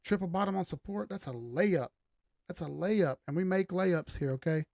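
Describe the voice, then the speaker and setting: Hosting a casual livestream about charts, a man with a gravelly voice pitched a little high jokes loosely while reading chat, his voice strained and beginning to crack. He talks at normal speed with a darkish tone. The audio is dry and close, with no echo.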